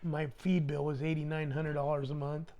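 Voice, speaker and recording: Brief: middle-aged male guest, animated storyteller, slangy, slightly high voice. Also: moderate pace. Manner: animated, slangy, acts out dialogue. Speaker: podcast guest. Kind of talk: casual storytelling.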